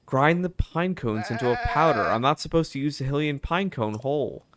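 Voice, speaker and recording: A man's voice: fairly high pitch, animated, moderate pace, crowd noise, natural voice. A man voicing a sincere goat herder who blames himself, reading game dialogue aloud. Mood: earnest. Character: earnest, self-blaming goat herder. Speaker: video game streamer.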